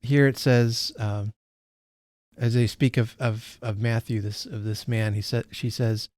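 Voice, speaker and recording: A man's voice: medium pitch, steady tone, measured pace, darkish tone, dry recording, clean studio sound. A man hosting a casual book read-along, reading passages and musing aloud, often restarting his sentences as he thinks. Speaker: book channel host.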